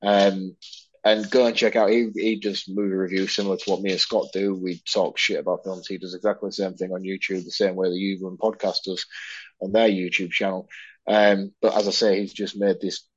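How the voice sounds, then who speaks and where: A man's voice: sits low, little pitch movement, a little fast, slightly rough, no echo, dull audio. A man co-hosting a podcast in casual chat, telling rambling, self-mocking stories. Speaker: podcast co-host.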